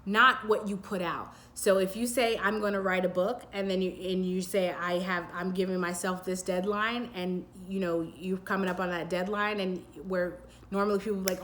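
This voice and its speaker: Woman tarot reader, mid-pitched, meandering and soothing, faint room hum. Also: fairly even intonation, fairly quick, few pauses, a bit bright. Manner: rambling and intuitive, many "like" fillers and restarts. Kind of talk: pick-a-pile tarot reading.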